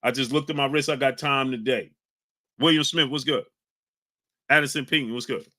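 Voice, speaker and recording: A man's voice: mid-range voice, steady tone, normal speed. Fired-up man hosting a live chat. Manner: combative, shouts out chat names. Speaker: livestream host reading chat. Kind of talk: heated live-stream talk.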